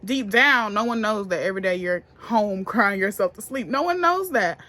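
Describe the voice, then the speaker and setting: A young woman telling a story to camera in a casual, profane, animated way, getting loud and then hushed. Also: medium pitch, moderate pace. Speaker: beauty vlogger.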